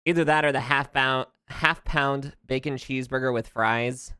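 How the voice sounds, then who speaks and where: Speaking at normal speed with a clean, medium-pitched tone, this American VTuber streamer talks casually over gameplay. The close streaming mic gives clean studio sound with no room sound as they rant jokily, animated and laughing often.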